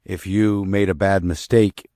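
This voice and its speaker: A man's voice: deep voice, fairly even intonation, a little slow, dark tone, no room sound, studio quality. A man co-hosting a podcast, in casual chat, thoughtfully drawing comparisons to make his point. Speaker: podcast co-host.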